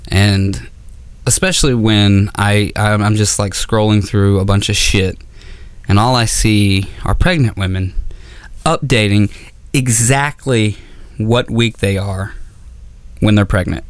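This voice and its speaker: A man's voice: fairly low pitch, takes it slowly, clear, resonant tone, no room sound. A man doing a stand-up comedy routine, telling profane stories and acting out both sides of the arguments in raised voices. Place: comedy auditorium stage.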